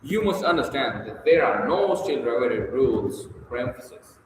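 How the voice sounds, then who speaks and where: A man's voice: mid-range voice, lively intonation, moderate pace. A man reading a textbook aloud in short, emphatic bursts, then answering its study questions off the cuff, sometimes hesitantly. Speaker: reader working through a textbook. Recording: very echoey room with long reverb, faint noise.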